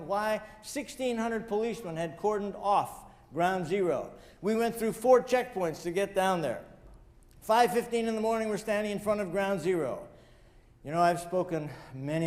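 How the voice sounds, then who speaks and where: High-voiced man lecturing in a big hall. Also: a little mellow. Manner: joking asides, chuckles at own jokes; addresses audience directly, emphatic. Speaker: guest speaker. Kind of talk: motivational lecture with personal stories.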